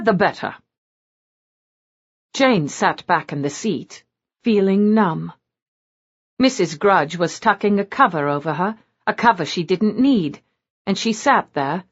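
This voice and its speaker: A woman narrating an audiobook in an expressive storytelling manner. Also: medium pitch, highs cut off. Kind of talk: scripted narration.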